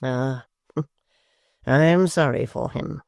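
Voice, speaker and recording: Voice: mid-range voice, creaky, a little mellow, dry recording, clean studio sound. A reader voicing Gashford, a silky sneering schemer. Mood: sly. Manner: silky, slow and cold, sometimes near a whisper. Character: smooth, sly, sneering male secretary. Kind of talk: audiobook character voice.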